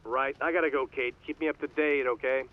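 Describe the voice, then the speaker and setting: An actor with an overdone American accent playing a brisk, businesslike male company lawyer talking on the phone in a game. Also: medium pitch, fairly even intonation, lightly acted. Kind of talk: game voice acting. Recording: tinny phone line.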